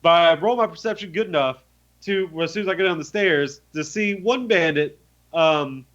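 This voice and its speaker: A young man co-hosting a podcast, retelling a tabletop game in animated, profane storytelling with lots of fillers. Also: high voice, normal speed. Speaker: podcast co-host. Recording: muffled lo-fi audio.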